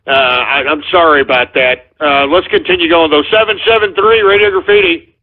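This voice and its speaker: A man with a voice on the high side talks fairly quickly while hosting a call-in radio show. Taking voicemail calls, he rants irritably and swears at callers, all in tinny, phone-like radio audio.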